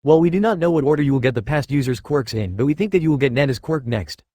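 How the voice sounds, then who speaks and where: A calm, patient spirit of a past hero guiding his successor, read by a man. The delivery is quick and even. The sound is dry and close. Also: mid-range voice, no echo, natural voice. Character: calm ancient male spirit mentor.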